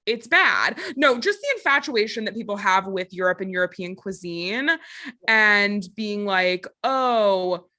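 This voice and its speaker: Bright, blunt woman podcast co-host. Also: medium pitch, a little slow. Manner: blunt, jokey, exaggerated asides. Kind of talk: casual chat.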